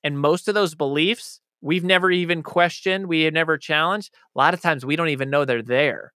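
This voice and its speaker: A man's voice: on the high side, fairly quick, pushed and bright, clear, resonant tone, no echo, studio quality. A man speaking as an author being interviewed, talking in a passionate, emphatic way. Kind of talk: conversational interview answers.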